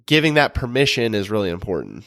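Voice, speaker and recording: A man's voice: on the low side, fast, dry recording, clean studio sound. Earnest man giving relationship advice. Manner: earnest, relaxed, restarts a lot. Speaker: podcast co-host. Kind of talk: casual advice talk.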